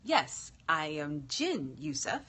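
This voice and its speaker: A woman voicing a gentle female genie who speaks formally and soothingly. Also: deep voice, very animated, slow, husky, full character voice.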